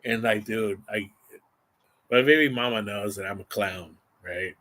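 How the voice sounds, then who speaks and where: Casual male vlogger, lowish voice, rambling and animated storyteller. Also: a little slow. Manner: rambling, animated, exaggerating for effect.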